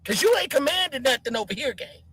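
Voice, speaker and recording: Live stream host, heated rant at chat, wide swooping pitch, sharp bright tone. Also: quick pace, no echo, low-quality recording. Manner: shouting, animated, mocking chatters by name.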